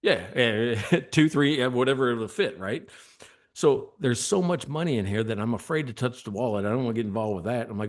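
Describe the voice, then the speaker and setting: A man's voice: medium pitch, brisk. A man telling a long story as a podcast guest, acting out quoted lines and laughing often. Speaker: guest, former state trooper.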